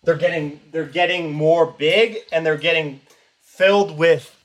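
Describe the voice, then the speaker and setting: A man's voice: fairly high pitch, measured pace. A young man hosting a podcast, telling a story casually and rambling, with lots of "like" and quoted voices. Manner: rambling, filler-heavy with constant "like"; animated retelling with quoted voices. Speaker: podcast host.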